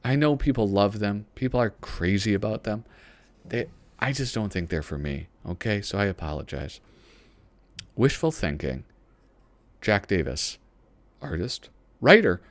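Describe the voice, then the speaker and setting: A man with a lowish voice that swings freely up and down as he chats. He rambles through a magazine, reading snippets aloud and teasing himself. The sound is dry and close. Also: expressive, unhurried, pauses often, no echo. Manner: rambling and self-deprecating, reads lines aloud. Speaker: host. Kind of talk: casual commentary while paging through a magazine.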